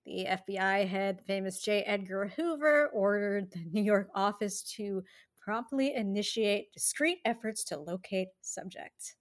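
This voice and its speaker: Podcast co-host, woman, relaxed and amused narration. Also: mid-range voice, unhurried. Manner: tells researched history in an easy, amused way, laughs often. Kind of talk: casual history podcast chat.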